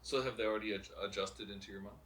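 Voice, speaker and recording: A man's voice: lowish voice, steady tone, rapid-fire, fairly bright tone, reverberant, rough recording. A man co-hosting a fan podcast in a casual, chatty way, laughing often. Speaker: podcast co-host. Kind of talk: casual chat.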